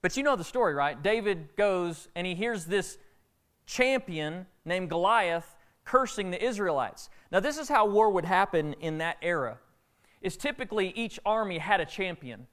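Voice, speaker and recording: A man preaching a sermon, retelling a Bible story with lively, acted-out dialogue. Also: high-pitched, normal speed. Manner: animated storytelling preacher, acting out characters' lines. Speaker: pastor.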